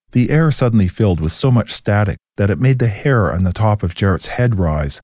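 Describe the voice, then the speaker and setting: A man narrating a ghost story in a steady, measured way. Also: lowish voice, dry recording, clean studio sound.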